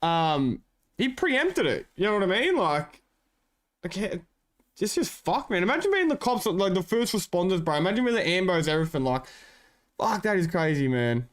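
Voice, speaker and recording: A man's voice: sits high, sing-song, moderate pace. Swearing Australian guy chatting to viewers. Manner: rambling, heavy swearing, slangy. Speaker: streamer. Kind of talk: casual chat with viewers.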